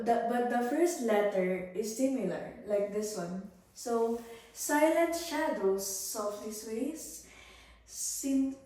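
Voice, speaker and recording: A young woman, a student teacher giving a demo English lesson, explaining slowly and praising pupils. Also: fairly high pitch, dark tone. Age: young adult. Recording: echoey room, voice far from the mic.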